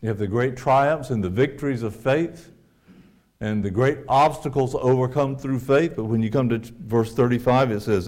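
A man preaching a sermon, earnest, climbing to emphatic peaks and then dropping quiet, reading scripture in a measured cadence. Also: mid-range voice.

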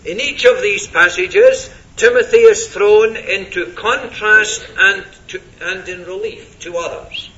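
A man preaching an expository sermon verse by verse, deliberate and stressing key words. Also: high-pitched, pushed and bright, muffled recording.

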